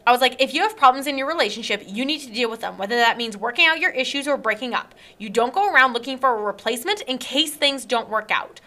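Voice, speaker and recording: A woman's voice: fairly high pitch, expressive, fast talker, few pauses, pushed and bright. A young woman hosting a casual chat, telling an indignant story and acting out text messages.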